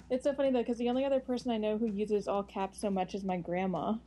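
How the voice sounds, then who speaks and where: A woman's voice: mid-range voice, steady tone, fairly quick, warm tone. A woman calling in to a radio show, chatting and giggling often. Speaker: caller. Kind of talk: casual call-in chat.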